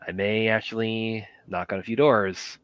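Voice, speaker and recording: Male co-host, very deep yet forceful voice, stumbling delivery, dry sound. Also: flat delivery, clean tone, no room sound. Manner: halting, repeats words. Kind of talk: casual stream chat.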